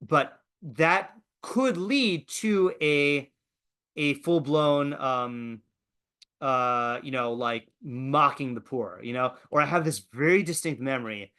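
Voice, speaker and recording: Man, rabbi, casual lecture, fillers and restarts, mid-pitched voice. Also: slow pace, pushed and bright. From Eastern Washington, USA. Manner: conversational, many fillers and restarts. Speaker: rabbi teaching a class.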